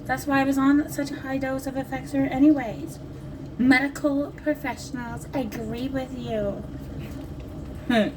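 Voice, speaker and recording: A woman's voice: sits high, steady tone, a little slow. A woman chatting to camera at home as a vlogger selling nail strips, rambling and joking as she goes. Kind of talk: casual chat to camera. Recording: distant mic with clear background noise.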